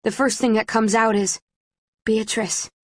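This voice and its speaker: A woman reading a first-person story as an audiobook narrator, in a measured storytelling manner. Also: medium pitch, steady tone, no echo, studio quality. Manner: measured, present-tense storytelling.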